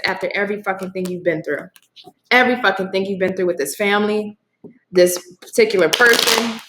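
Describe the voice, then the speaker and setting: In an echoey, noisy room, a woman with a medium-pitched voice reads tarot casually for the camera. She talks right to her viewers, gushing and swearing freely.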